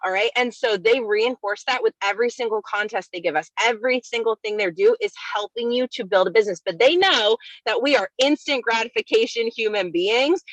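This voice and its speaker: A woman leading a network-marketing team, giving an energetic, upbeat recap and repeatedly addressing her listeners as "you guys.". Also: on the high side, dry recording, low-quality recording.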